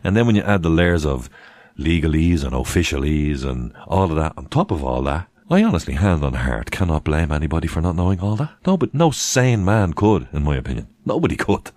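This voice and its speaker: A man's voice: extremely low pitch, sing-song, brisk, a little mellow, no room sound. A man hosting a live stream, chatting casually, asking rhetorical questions and thanking viewers by name. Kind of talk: casual live-stream talk reading chat.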